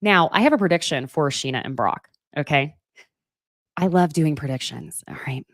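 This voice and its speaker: Low-voiced chatty woman gossip host. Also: expressive, moderate pace, no room sound, clean studio sound. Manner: chatty and gossipy, with pet names and self-mocking asides. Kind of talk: casual live gossip chat.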